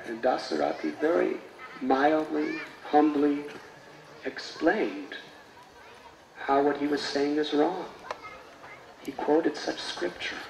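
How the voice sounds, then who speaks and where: A man with a slightly raised voice tells a sacred story as a sermon. His delivery is reverent and expressive. The room is roomy and echoing, with faint noise behind. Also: on the high side, takes it slowly, creaky, pauses often. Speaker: spiritual teacher.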